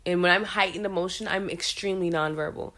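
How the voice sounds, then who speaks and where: A woman's voice: on the low side, fairly even intonation, quick pace, a bit bright. A woman in her forties co-hosting a casual commentary chat, talking expressively and reflectively, often restarting her sentences. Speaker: podcast co-host.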